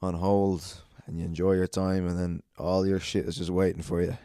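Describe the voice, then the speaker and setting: A man's voice: sits low, level tone, normal speed, warm tone, clear, resonant tone, no room sound, clean studio sound. An Irish man hosting a solo podcast, rambling and swearing a lot, self-mocking and a bit out of breath. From Ireland. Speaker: podcast host.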